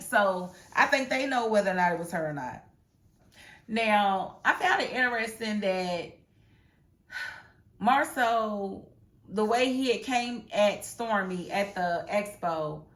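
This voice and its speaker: A sassy woman talks through a reality show, slipping into the voices of the people on it with plenty of attitude. Her voice sits in the middle of the range. The room around her rings with a noticeable echo. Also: medium pitch. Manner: sassy, animated, acts out cast members' lines. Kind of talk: casual commentary. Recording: roomy echo.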